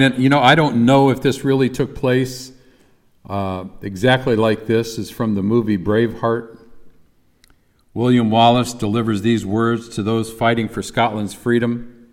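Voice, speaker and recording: A man's voice: medium pitch, big-room sound. A man preaching a sermon in a conversational way, at times reciting lines with emphasis. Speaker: pastor.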